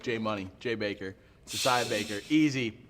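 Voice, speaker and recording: A man's voice: fairly low pitch, normal speed, slight background noise. A young adult man, a youth pastor, laughing and joking through a casual hot-wing question game. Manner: laughs often, animated and joking.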